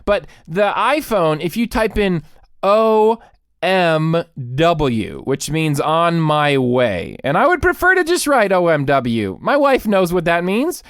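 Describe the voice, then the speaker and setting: Male podcast host, exaggerated comic rant, mock panic, very lively pitch, dry mic. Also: slow pace, smooth, dry recording.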